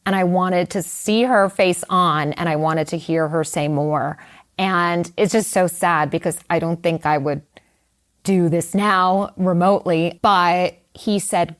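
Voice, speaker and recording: A woman's voice: fairly low pitch, fairly even intonation, measured pace. A middle-aged woman, a writer, telling a personal story in an interview in a candid, conversational way with many fillers and asides. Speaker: guest writer.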